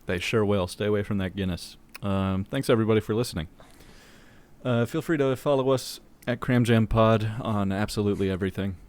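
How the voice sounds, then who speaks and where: A man's voice: fairly low pitch, fairly quick, darkish tone. A young man co-hosting a podcast, reading a long joke aloud in casual chat, laughing as he goes and swearing casually. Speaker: podcast co-host.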